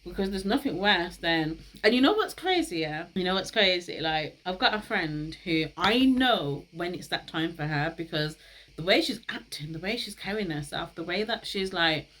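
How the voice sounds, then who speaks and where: A woman's voice: lowish voice, lively intonation, normal speed, a bit bright, poor audio. A young woman, hosting a casual talk. She is chatty, laughs often and uses slang. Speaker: host.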